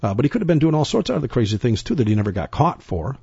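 A man's voice: mid-range voice, big pitch swings, racing, gravelly, mellow, husky, no echo, dull audio. A man giving sermon-style Bible teaching, emphatic and rambling, often repeating himself and restarting sentences.

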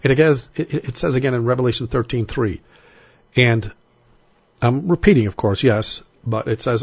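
A man with a husky, breathy edge delivers a recorded sermon on Bible prophecy. He talks in a casual, conversational way but slows down to lean on the verses he reads. The recording is dry and close, with a dull, slightly lo-fi tone. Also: medium pitch, a little mellow, dry recording. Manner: conversational, slows to stress scripture readings.

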